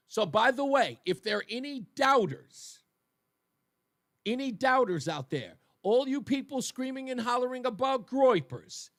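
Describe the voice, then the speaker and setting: A male radio host delivers a heated monologue in a fairly high voice that swings widely up and down. He talks right at his audience, pressing his points with emphasis. The sound is dry and close, with no room around it. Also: dry recording. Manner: emphatic, animated, addresses listeners directly. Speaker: radio talk show host.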